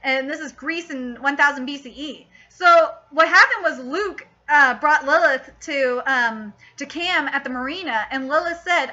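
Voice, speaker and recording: High, bright-voiced woman recapping a book. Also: normal speed, hardly any pauses. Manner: gushing and excitable, with filler words. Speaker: book vlogger. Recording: dull lo-fi audio.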